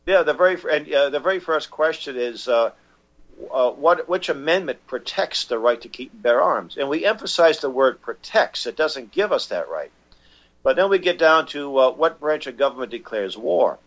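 A man's voice: a little high, animated, moderate pace, a bit bright, lo-fi sound. A man being interviewed as a guest, speaking in a rambling way with many restarts and fillers. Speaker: guest, constitution educator. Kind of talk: phone-in radio interview.

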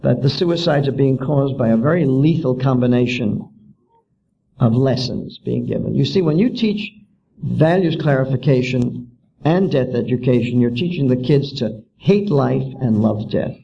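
A man's voice: mid-range voice, moderate pace, gravelly, highs cut off. A man giving a public lecture as an author, indignant and full of rhetorical questions.

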